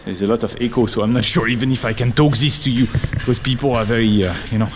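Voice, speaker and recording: A man's voice: mid-range voice, steady tone, fast talker. A man from France with a French accent, chatting in a rambling way with many fillers while walking outdoors for his vlog. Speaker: vlogger. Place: outdoors on a town street. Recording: outdoor street traffic noise.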